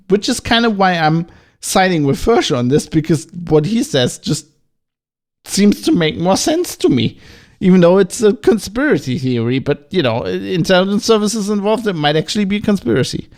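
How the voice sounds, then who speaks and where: A man with a German accent hosts a solo podcast. His voice sits a little on the high side. He talks casually but with agitation, throwing out profane rhetorical questions. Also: sing-song, moderate pace, a little mellow. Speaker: podcast host.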